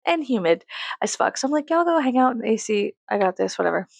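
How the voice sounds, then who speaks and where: Woman ranting on her vlog, swears a lot, voice swings high and low, dry close sound. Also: quick pace, gravelly, no room sound. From Texas, USA. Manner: profane, animated venting with laughs. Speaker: vlogger. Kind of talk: ranting story-time vlog.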